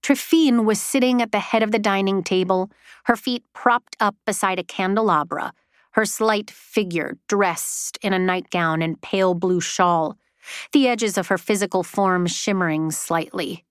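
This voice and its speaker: A woman narrating a story in a measured, unhurried storytelling manner. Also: medium pitch, clean tone, no echo, studio quality. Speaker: audiobook narrator. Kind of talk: scripted narration.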